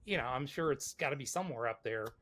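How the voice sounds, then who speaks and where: A man hosting a podcast, chatting in a relaxed, affirming way. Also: mid-range voice, fast talker. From United States. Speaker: podcast host. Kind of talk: casual podcast chat.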